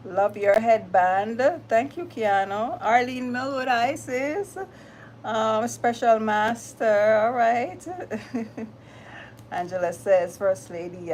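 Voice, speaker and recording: A woman with a Jamaican accent hosts a casual livestream and greets her viewers one by one in a chatty, upbeat way. She talks at an unhurried pace, and a faint background noise sits under her voice. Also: mid-range voice, a little mellow. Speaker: livestream host.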